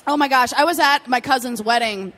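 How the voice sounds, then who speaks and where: A woman's voice: high-pitched, a little fast, a bit bright. A woman in her thirties co-hosting a live podcast, bubbly and laughing as she tells stories. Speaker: podcast co-host. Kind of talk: live podcast banter before an audience.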